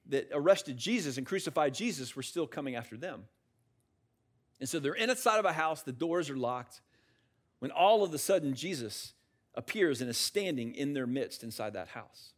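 A man preaching a sermon in a conversational, animated way, asking the listeners questions and acting out the words of biblical figures. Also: on the high side. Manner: acts out quotes of biblical figures. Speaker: pastor.

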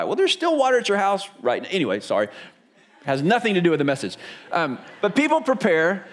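A man's voice: high voice, sing-song, quick pace. A man in his forties from Florida, preaching a sermon in a chatty, storytelling way and asking the congregation questions. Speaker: pastor.

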